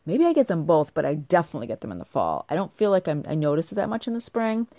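A middle-aged woman rambling to camera in a bubbly, chatty way, full of asides. Her voice sits on the low side and sounds a little stuffed-up and nasal from a cold. The sound is close and dry, with no room echo. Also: big pitch swings, fast, warm tone. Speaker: vlogger. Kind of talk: casual chatty monologue.

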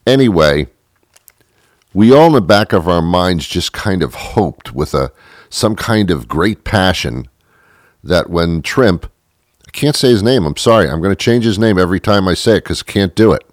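Man, talk show host, very low voice, deadpan sardonic monologue, dry close mic. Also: moderate pace, dry recording. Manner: deadpan, sardonic, self-mocking. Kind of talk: comedic monologue.

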